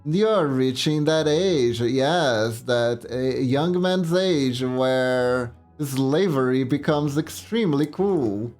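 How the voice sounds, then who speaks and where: A man's voice: medium pitch, animated, slow pace, hardly any pauses, darkish tone, soft background music. A man voicing cheery, approving townsfolk from a fantasy anime in a chirpy way.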